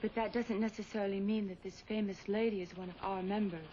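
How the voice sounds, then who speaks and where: A woman playing a brisk agency manager. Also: mid-range voice, fairly even intonation, mellow, lightly acted. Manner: brisk, businesslike. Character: brisk, businesslike woman running a dating agency. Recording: dull old TV soundtrack, hiss.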